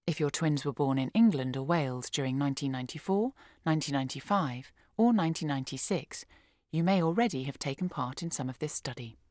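Woman reading a book aloud, calm and even, low voice, dry close sound. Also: fast talker, no echo. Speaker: audiobook reader. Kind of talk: measured audiobook narration.

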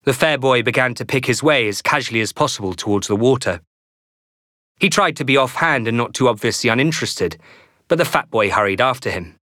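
A male narrator reads a novel aloud, measured and expressive. His pitch rises and falls in a lively way. The recording is dry and close, with no room sound. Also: no room sound. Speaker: audiobook narrator. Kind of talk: scripted narration.

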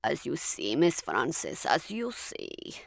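A woman reading aloud and voicing an ill, reticent older foreign doctor who murmurs with a hoarse, courteous voice. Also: sits low, huge pitch swings, slow pace, voice pushed down, full character voice. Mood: weary.

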